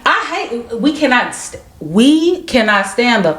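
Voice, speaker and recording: A woman's voice: fairly high pitch, sing-song, a little slow, a bit bright. A woman co-hosting a podcast, chatting playfully with frequent laughter. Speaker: podcast co-host. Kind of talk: casual chat.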